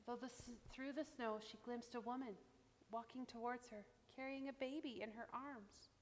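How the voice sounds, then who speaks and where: Female storyteller reading aloud to kids, gentle and expressive, echoey room. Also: fairly high pitch, moderate pace. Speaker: children's storyteller. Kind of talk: reading a picture book aloud.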